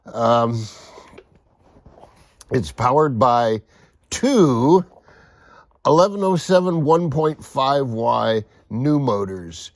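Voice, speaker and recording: Slow, gravelly-voiced man at his workbench. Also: mid-range voice, lively intonation, no echo, clean studio sound. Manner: unhurried, rambling, self-deprecating. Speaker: model boat hobbyist vlogger. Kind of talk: casual workshop vlog. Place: home workshop.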